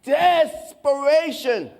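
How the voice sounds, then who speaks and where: A man preaching a sermon as pastor in a church, slow and impassioned, with dramatic pauses. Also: very high-pitched, animated, creaky, a little mellow. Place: church sanctuary.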